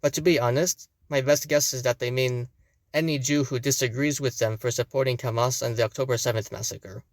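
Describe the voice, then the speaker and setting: A man's voice: mid-range voice, steady tone, fairly quick, no room sound. Dry close-miked young man commenting. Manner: pointed, sarcastic asides. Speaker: video commentator. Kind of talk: scripted commentary.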